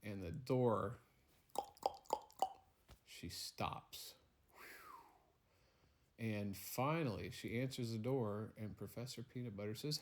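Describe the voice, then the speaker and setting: A man's voice: lowish voice, takes it slowly, pauses often. Playful man telling a bedtime story. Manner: playful, rambling, teasing.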